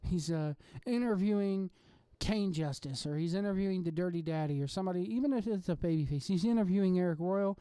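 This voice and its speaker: Rambling host ranting, dry mellow voice. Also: medium pitch, fairly quick, smooth, no echo. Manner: rambling, excitable, swears freely. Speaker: podcast host. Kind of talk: casual ranting monologue. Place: at home, late at night.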